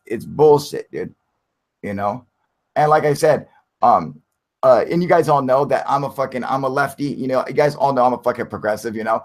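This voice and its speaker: A heated man talks straight into his live stream and swears freely as he rants. His voice sits in a middle range. It sounds like casual, unscripted chat with his viewers. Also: medium pitch. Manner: heated, profane ranting.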